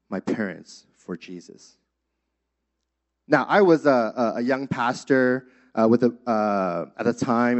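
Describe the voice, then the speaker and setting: A young man preaching a sermon as a pastor, in an easy conversational way with frequent fillers. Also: medium pitch. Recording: dull lo-fi sound.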